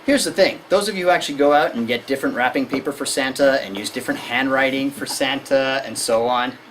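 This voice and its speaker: A woman lecturing a room of parents, acting out kids and parents in high, playful voices. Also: fast talker, a little hiss or hum, low-quality recording. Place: lecture hall.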